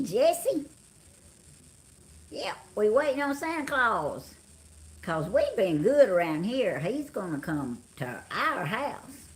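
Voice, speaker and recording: A woman's voice: on the high side, a little hiss or hum. A middle-aged woman with a Southern US accent, tired and chatting casually on a live stream, greeting viewers by name. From Georgia, US. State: tired, yawning. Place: home, on the couch.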